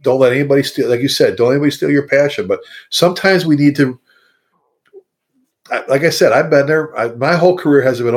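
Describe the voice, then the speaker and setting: Man, podcast host, mid-pitched, animated storyteller, acts out quotes. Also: fast. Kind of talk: casual podcast chat.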